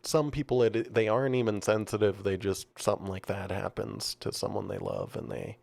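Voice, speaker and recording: Podcast co-host, male, low gravelly voice, dry close sound, rambling storyteller. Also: steady tone, a little fast, darkish tone, no room sound. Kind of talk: casual chat.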